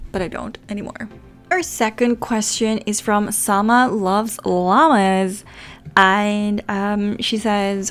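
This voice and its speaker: A young woman whose first language is Dutch, chatting casually as a gaming YouTuber, rambling and self-deprecating. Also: medium pitch. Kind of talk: casual chat.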